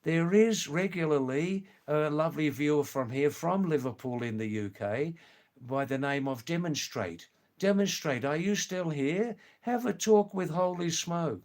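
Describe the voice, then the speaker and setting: Slow-talking older man chatting live. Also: fairly high pitch, expressive, a little mellow. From England. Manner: slow, rambling, chatty with hesitant fillers. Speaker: live stream host. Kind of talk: casual live chat reading viewer comments.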